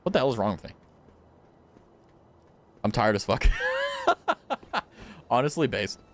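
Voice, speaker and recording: A man live-streaming a video game, chatting with viewers in a rambling, excitable way, laughing often and swearing casually. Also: medium pitch, slow, slight background noise. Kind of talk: casual live gameplay chat.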